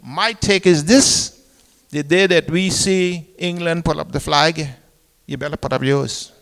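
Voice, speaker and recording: Older seafarer, emphatic, echoing hall. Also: male voice, a little high, measured pace, creaky, fairly bright tone. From Cayman Islands. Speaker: retired seafarer on a panel. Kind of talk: recollection to an audience.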